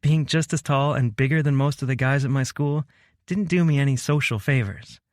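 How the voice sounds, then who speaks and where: This is a young woman on a date with dry, self-mocking humor, voiced by a male narrator. Her lines sit at a middle pitch and come across dry and close in a quiet studio. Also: moderate pace, no room sound, close to an everyday voice. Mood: wry. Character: shy, witty young woman on a first date. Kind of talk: audiobook narration.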